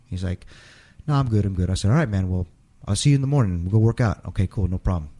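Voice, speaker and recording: A man's voice: sits low, lively intonation, fast, dark tone. A man telling a long personal story in a casual interview, rambling and restarting and quoting others in his own voice. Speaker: interview guest.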